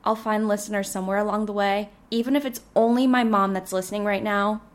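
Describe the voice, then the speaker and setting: A woman in her twenties hosting a casual solo podcast, slightly hoarse, rambling and chatty with lots of filler words. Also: mid-range voice, steady tone, fast talker. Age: 20s. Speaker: podcast host.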